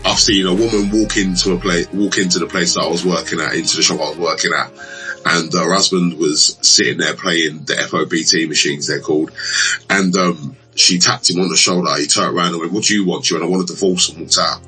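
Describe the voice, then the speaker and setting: Young guy spinning stories, low voice but bright and punchy, soft music underneath. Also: brisk, poor audio. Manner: animated storyteller, acts out quarrels in raised voices. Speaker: betting shop assistant manager. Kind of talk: casual chat.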